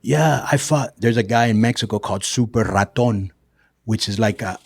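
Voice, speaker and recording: A middle-aged man with a low, husky voice tells long stories in a relaxed, streetwise way. He swears freely and keeps dropping "bro" and "you know" as he goes. The sound is close and dry, with no room in it. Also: moderate pace, no room sound. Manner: profane, says "bro" and "you know" often. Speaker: guest. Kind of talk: casual storytelling.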